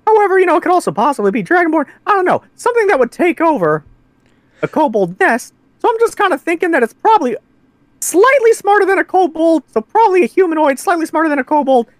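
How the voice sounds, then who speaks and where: Woman gamer chatting, thinks out loud, high voice jumping all over. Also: very animated, fast talker, no echo. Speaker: player. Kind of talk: casual tabletop game chat.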